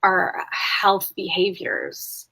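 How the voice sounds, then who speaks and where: Podcast host lady, bright clear voice, thinks out loud with lots of "you know"s. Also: fairly low pitch, flat delivery, extremely slow. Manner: reflective, many filler words. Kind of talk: conversational podcast interview.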